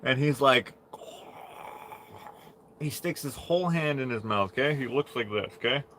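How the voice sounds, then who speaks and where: A man's voice: mid-range voice, animated, moderate pace, a bit bright, a little hiss or hum. A man on a livestream telling a rambling story in a casual way and laughing through it. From Canada. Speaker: livestream host.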